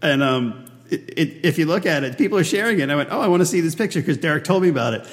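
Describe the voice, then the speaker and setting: A man's voice: a little high, expressive, quick pace. A man hosting a podcast in casual chat, giggling and tripping over his words. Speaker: podcast host. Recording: echoey room with long reverb.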